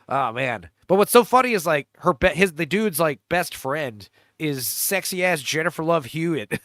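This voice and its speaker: A man's voice: a little high, moderate pace, few pauses, a bit bright, no echo, clean studio sound. A man hosting a casual movie riff, rambling with lots of fillers and laughs, cracking crude jokes. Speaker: podcast host riffing on a movie trailer. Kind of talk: casual chat.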